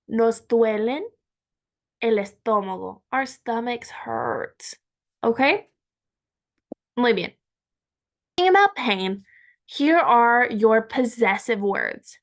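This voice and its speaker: Woman Spanish teacher, slow careful delivery, fairly high voice, repeats words for learners. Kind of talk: language lesson.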